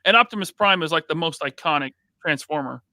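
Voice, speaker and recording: Bright-voiced American podcast host. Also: male voice, a little high, no echo, clean studio sound. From United States. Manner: reads out chat names with quick greetings. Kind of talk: casual live-stream chat.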